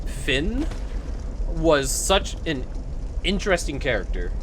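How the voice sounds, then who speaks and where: A young adult streamer ranting casually while playing a video game, swearing freely and breaking into loud bursts of laughter. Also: medium pitch, sing-song, slow, noisy background. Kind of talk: casual rant while gaming.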